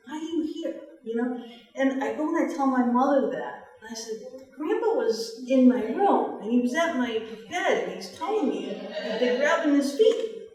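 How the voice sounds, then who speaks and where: A middle-aged woman on a panel, telling stories in a chatty, animated way. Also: mid-range voice. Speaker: panelist, paranormal radio host. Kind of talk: storytelling on a panel. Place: large event room. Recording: very echoey room, far from mic.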